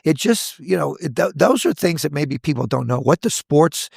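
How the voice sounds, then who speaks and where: Older man in his sixties, gravelly husky voice, animated storyteller, dry close sound. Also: a little high, normal speed, no room sound. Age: 60s. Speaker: guest, hair educator. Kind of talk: casual podcast storytelling.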